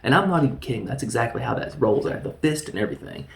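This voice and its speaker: A man's voice: mid-range voice, expressive, quick pace, creaky. A man casually reviewing a film, laughing often and recapping scenes with mock voices. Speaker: movie reviewer. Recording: echoey room.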